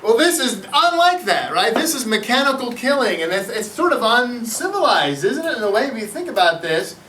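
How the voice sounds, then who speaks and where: A middle-aged male teacher giving a classroom history lecture, animated, often putting questions to his students. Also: very high-pitched, a little fast, slight background noise. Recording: echoey classroom from far off.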